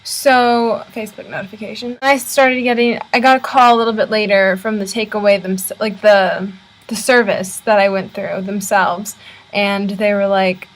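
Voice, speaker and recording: A woman's voice: medium pitch, flat delivery, moderate pace, poor audio. Chatty American young woman vlogging. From United States. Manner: chatty, exasperated ranting. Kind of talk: casual vlog talk. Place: university room. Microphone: laptop built-in camera mic.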